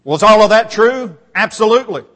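High-pitched preacher guy reading scripture, gets emphatic on repeats, long hall echo. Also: animated, brisk, fairly bright tone. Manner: emphatic, rising on repeated phrases, reads scripture aloud. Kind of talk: sermon.

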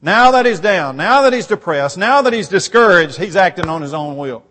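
This preacher's voice sits high, a bit bright and expressive, moving at a normal speed. He reads scripture aloud and presses his points emphatically, rising on repeated phrases, all under a long hall reverb.

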